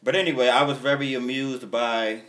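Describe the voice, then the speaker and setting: A man's voice: medium pitch, fairly even intonation, moderate pace, a bit bright. A young man on a podcast, chatting casually and telling loose stories from touring, laughing often and acting out his friends' lines. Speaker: touring musician.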